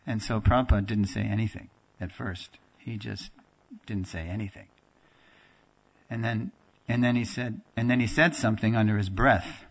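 A man's voice: fairly low pitch, moderate pace, gravelly. Man telling a story in class. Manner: animated storyteller, acts out quoted dialogue; conversational with fillers and restarts, laughs now and then. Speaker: teacher of a religious class. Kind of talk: storytelling lecture.

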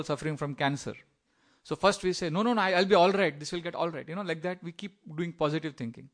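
A middle-aged male preacher with a fairly high, slightly bright voice and some vocal fry delivers a sermon like he's telling stories, often acting out the voices of the people in them. He keeps it conversational, dropping in fillers and little laughs.

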